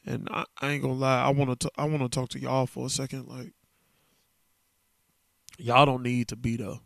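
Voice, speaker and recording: Man, solo podcast host, casual slangy talk, emotionally worn, smooth clear voice, dry close sound. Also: medium pitch, little pitch movement, moderate pace, a bit bright, no room sound. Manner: candid, loose and conversational, slangy.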